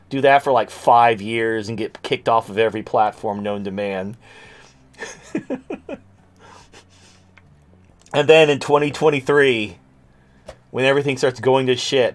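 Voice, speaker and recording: A man hosting a livestream who rants at length, swearing freely and laying the sarcasm on thick. His voice sits at an ordinary middle pitch, and his talk rambles, full of restarts. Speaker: show host. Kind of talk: livestream rant.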